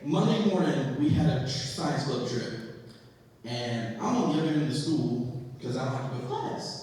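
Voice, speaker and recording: A young man doing a profane stand-up set, telling stories and jumping into squeaky voices for quotes. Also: sing-song, moderate pace, darkish tone. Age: young adult. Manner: storytelling with acted-out quotes, profane, jumps into high squeaky voices. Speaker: stand-up comedian. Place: live venue, in a large echoey room. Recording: distant, echoey hall sound with faint ambience.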